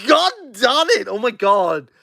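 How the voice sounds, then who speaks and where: A Welsh man, a book reviewer, reacting live with excitable, jokey, self-mocking chat. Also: high-pitched, takes it slowly, creaky, dry recording. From Wales.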